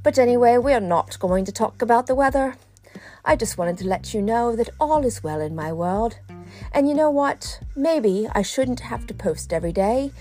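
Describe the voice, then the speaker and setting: A middle-aged woman chats with a slightly high voice in a relaxed personal vlog and speaks straight to her viewers. She talks in a playful, self-mocking way. Soft music plays faintly behind her. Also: normal speed. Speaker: vlogger. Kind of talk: chatty personal vlog monologue.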